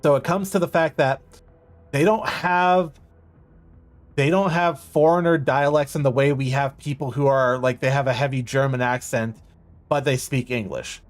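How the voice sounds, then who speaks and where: A man's voice: mid-range voice, fairly even intonation, moderate pace. A man streaming a game, talking casually in a rambling way with many ums and restarts. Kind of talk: casual live-stream commentary.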